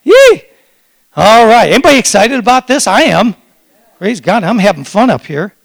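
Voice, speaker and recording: A man who is a pastor, preaching an animated sermon and calling on his congregation to respond. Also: sits high, a little fast, creaky. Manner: animated, excitable preaching with audience call-and-response.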